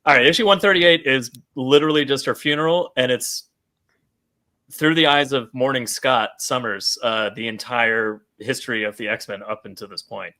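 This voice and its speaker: Man, podcast co-host, bright tone, animated, swears, acts out lines. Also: mid-range voice, normal speed. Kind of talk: casual comic book chat.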